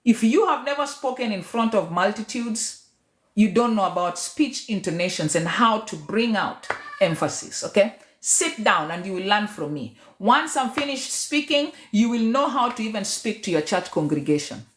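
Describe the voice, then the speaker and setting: A woman who is a teacher, public speaker and MC talks passionately to her followers, emphatic and preacher-like, moving between loud and quiet. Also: mid-range voice, animated, normal speed, slight background noise. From Kenya. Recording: echoey room.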